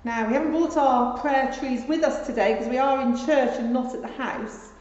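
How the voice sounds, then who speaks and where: Brief: woman church leader, gentle family-session chat, high and unhurried, boomy church acoustics. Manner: soft-spoken, full of tag questions. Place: large church building. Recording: echoey church with long reverb, dull sound.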